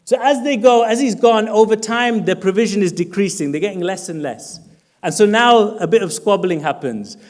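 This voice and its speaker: A man's voice: high-pitched, moderate pace. A man preaching a sermon, telling a story and weaving in fluent Arabic phrases. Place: lecture hall.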